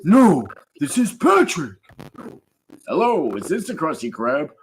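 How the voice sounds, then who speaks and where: A man's voice: on the high side, huge pitch swings, slow, slight background noise, voice pushed up, exaggerated voice, rough recording. A man doing zany cartoon impressions, wild swings. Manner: jumps between exaggerated voices. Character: rapid string of cartoon character impressions. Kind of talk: comedy impressions video.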